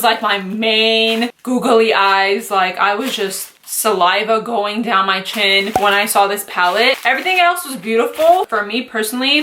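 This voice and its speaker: A young woman beauty vlogger talking through an excited unboxing and makeup tutorial, gushing and dramatic with lots of slang. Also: on the high side, slight background noise.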